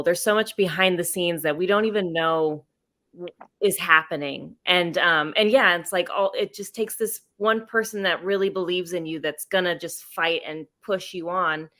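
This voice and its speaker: A woman's voice: on the low side, fairly bright tone. A woman debut author moderating a panel, speaking earnestly and thoughtfully as she poses questions. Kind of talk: casual panel chat.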